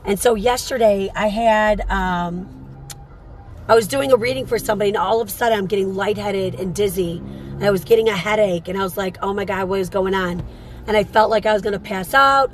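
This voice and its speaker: A woman's voice: mid-range voice, poor audio. A woman who works as a psychic medium and hosts a show, telling a story in a rambling, casual way and repeating phrases for emphasis.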